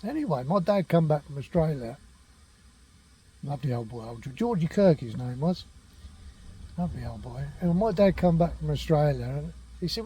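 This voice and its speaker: A man's voice: fairly high pitch, lively intonation, normal speed, mellow, breathy edge. An older man, chatting at home and rambling through family stories, correcting himself as he goes. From England. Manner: rambling, chatty, self-correcting, laughs at own tales. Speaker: walking vlogger. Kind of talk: casual storytelling to camera. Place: at home, indoors.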